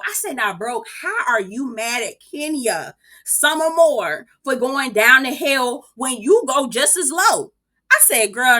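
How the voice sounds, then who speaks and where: A woman giving a casual, profane, gossipy recap of a reality show, full of quoted reactions and sudden exclamations. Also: pushed and bright. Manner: speaks with swooping pitch jumps and exclamations.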